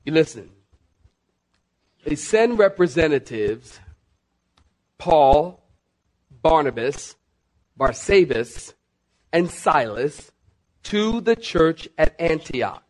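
A middle-aged male pastor preaches with an emphatic, pressing delivery. He keeps calling on his listeners and swings between quick runs and slow, stressed words. His voice sits fairly high for a man. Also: big pitch swings. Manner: emphatic, repeats "listen" and "saints", varies pace sharply. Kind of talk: sermon.

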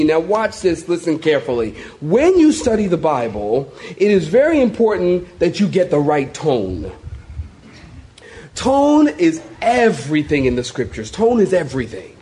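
Lively high-voiced male preacher. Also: measured pace. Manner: animated storytelling with laughter and acted-out quotes. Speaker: pastor. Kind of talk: sermon.

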